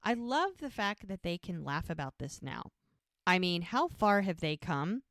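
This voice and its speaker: A woman's voice: fairly low pitch, sing-song, a little slow, fairly bright tone, no room sound, studio quality. A woman co-hosting a podcast, recapping episodes in casual chat and quoting the characters' lines as she goes. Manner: retells scenes by quoting characters. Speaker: podcast co-host.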